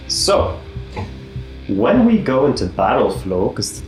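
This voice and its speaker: A man's voice: medium pitch, huge pitch swings, takes it slowly. A man narrating as game master of a tabletop game, easygoing, laughing often and explaining the rules patiently. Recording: echoey room with faint music.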